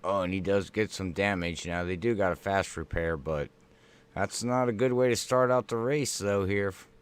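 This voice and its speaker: A man's voice: low voice, normal speed, smooth. A man commentating a sim race, laid-back but lifting when the racing heats up. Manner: laid-back, rises with excitement at race action.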